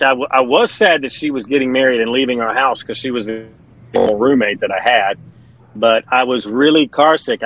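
Speaking as an interview guest, a middle-aged country singer and pastor from Kentucky, USA, shares stories earnestly and chattily. His medium-pitched voice is a bit bright, captured in a dry, low-quality recording.

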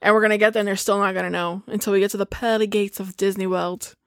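A woman in her thirties co-hosting a casual podcast chat about horror films, animated, swearing and firing off rhetorical questions. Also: mid-range voice, fast. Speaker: podcast co-host.

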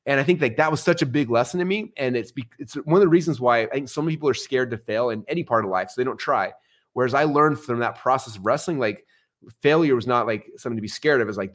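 A middle-aged man, a podcast guest, telling stories in a casual, animated way. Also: medium pitch, quick pace. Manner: animated, swings into excited outbursts. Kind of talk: casual storytelling.

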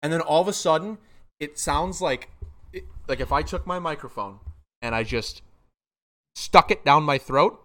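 A man's voice: a little high, moderate pace, long pauses. A young man hosting a casual live-streamed chat, joking and swearing freely. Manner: profane, joking, excitable. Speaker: podcast host.

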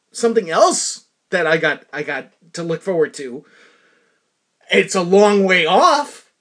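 Rambly american guy podcasting, middle-aged, lots of "you know" and restarts. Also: high-pitched. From United States. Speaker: podcast host. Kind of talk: casual chat.

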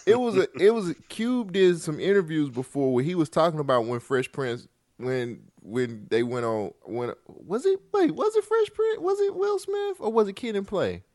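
A man's voice: on the high side, expressive, moderate pace, hardly any pauses, darkish tone, dry recording, studio quality. A man hosting a casual podcast who often stops and corrects himself mid-sentence. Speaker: podcast host.

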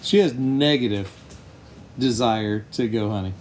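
A man's voice: mid-range voice, a little slow, darkish tone, slight background noise. A man talking casually on a podcast in an easygoing way.

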